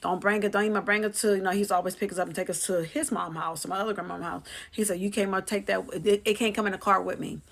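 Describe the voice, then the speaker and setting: A woman's voice: mid-range voice, steady tone, quick pace, vocal fry, few pauses, fairly bright tone. A woman vlogger telling a childhood story in a chatty, slangy way, acting out her family's lines as she goes. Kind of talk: casual storytelling to camera.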